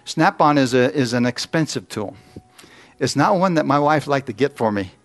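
A man's voice: medium pitch, expressive, moderate pace. A middle-aged man preaching a sermon, telling folksy personal stories and putting questions to the congregation.

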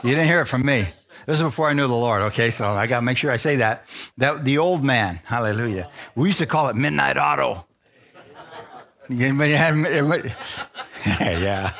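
Male pastor, mid-pitched, sermon delivery with call-and-response, confiding lows and loud builds, cracks jokes at himself. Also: lively intonation, brisk, creaky. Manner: call-and-response preaching, asks the crowd for amens; swings from low, confiding asides to loud, rising exhortation.

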